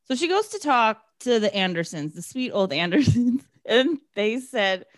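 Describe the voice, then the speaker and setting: A woman's voice: a little high, big pitch swings, moderate pace, no echo, studio quality. A woman co-hosting a casual podcast, recapping a movie with sarcasm and swearing, acting out the characters' lines. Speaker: podcast co-host.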